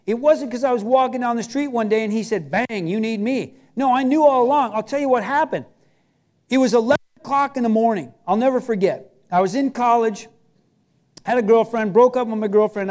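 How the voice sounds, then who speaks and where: A man's voice: sits high, a little mellow. A man preaching a sermon as pastor, telling a personal story in a conversational, emphatic way.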